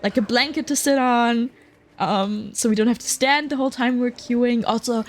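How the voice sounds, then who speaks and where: High-voiced giggly woman streamer. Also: normal speed, a little hiss or hum. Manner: chatty, giggly, lots of fillers. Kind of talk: casual chat while gaming.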